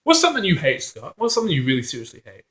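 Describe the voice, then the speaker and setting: Aussie bloke laughing and swearing a lot, lively voice, roomy echo. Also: male voice, fairly high pitch, rapid-fire. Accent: Australian. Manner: laughs often, animated and profane. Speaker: co-host. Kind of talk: casual chat.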